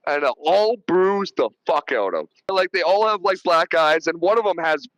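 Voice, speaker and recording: A man's voice: fairly high pitch, animated, moderate pace, fairly bright tone, no echo, poor audio. A man hosting a podcast, retelling film scenes in a rambling, profane, casual way over a remote call. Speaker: podcast host. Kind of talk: casual movie review chat.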